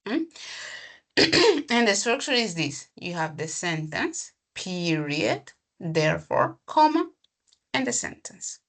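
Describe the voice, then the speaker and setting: A woman teaching an English grammar class, explaining slowly, repeating herself and checking in with the student. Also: medium pitch, sing-song, fairly bright tone.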